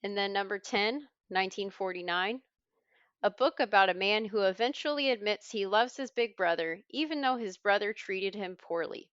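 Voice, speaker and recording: A woman's voice: medium pitch, moderate pace, a bit bright, clean tone, dry recording, muffled recording. A woman hosting a trivia podcast, reading clues with a wry tone. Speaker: quiz host.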